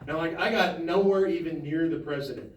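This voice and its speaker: A man at a town hall, telling an animated story full of quoted dialogue and laughter. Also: on the high side, brisk, highs cut off. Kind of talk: storytelling to an audience. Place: town hall meeting room. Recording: echoey hall from a distance.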